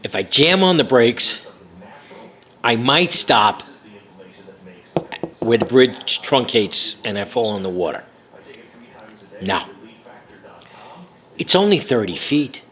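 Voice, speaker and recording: A man's voice: medium pitch, lively intonation, slow, long pauses, a bit bright, rough recording. An older man from New York, recounting a story from his memoir with many fillers and a rambling, conversational way of talking. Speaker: memoir author.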